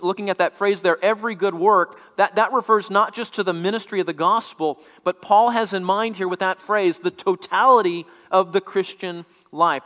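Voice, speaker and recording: A man's voice: high-pitched, fairly bright tone, long reverb tail. A man preaching a sermon, explaining scripture word by word as a teacher, often repeating words as he restarts.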